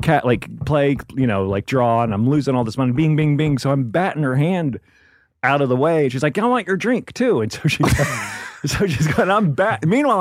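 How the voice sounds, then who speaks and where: A man's voice: mid-range voice, no echo, studio quality. A man, a comedian, telling a rambling casual story, laughing as he goes and acting out voices. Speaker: comedian guest.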